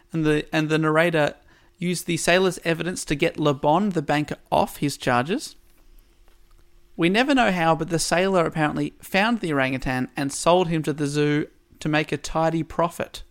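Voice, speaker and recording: A man's voice: a little high, moderate pace. A man on a podcast, casually retelling a story's plot with dry asides. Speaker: podcast host.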